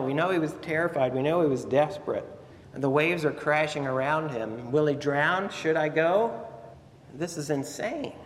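A man's voice: on the high side, slight background noise. Man preaching in a reverberant church. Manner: storytelling, asks the audience questions. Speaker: pastor. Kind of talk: sermon.

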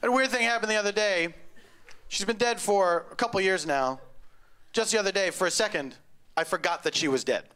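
A middle-aged man telling a stand-up story on stage, wry and deadpan with sudden loud outbursts. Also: sits high, fairly quick, clear, resonant tone. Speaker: stand-up comedian. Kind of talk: stand-up comedy set. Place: comedy club stage before a live audience.

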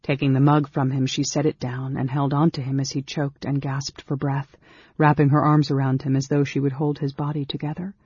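An audiobook narrator reading a fantasy story in a steady, measured way. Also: mid-range voice, breathy edge, no echo, dull audio. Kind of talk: scripted narration.

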